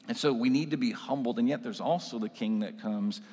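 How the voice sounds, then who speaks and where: A male pastor delivering a sermon in an easy, conversational way, mid-pitched and often checking in with his listeners. His voice carries the long reverb of a church sanctuary. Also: a little fast, hardly any pauses. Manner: conversational preaching with frequent tag questions.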